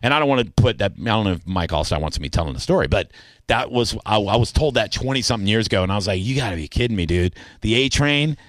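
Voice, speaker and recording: A middle-aged man hosting a radio talk show, chatting in a playful, animated way with slangy banter. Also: lowish voice, fast talker, no room sound.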